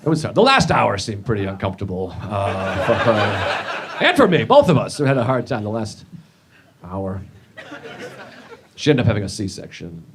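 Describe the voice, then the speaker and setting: A man doing a stand-up set, rambling and self-deprecating, with sudden shouted bits. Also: fairly low pitch, very animated, normal speed, long pauses. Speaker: stand-up comedian. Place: comedy stage. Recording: played clip with audience noise.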